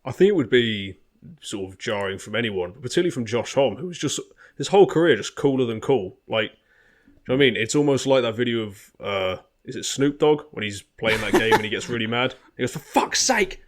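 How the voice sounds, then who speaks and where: A man co-hosting a podcast, giving a relaxed, conversational take on an album. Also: mid-range voice, a little fast. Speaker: podcast co-host. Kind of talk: casual album review chat.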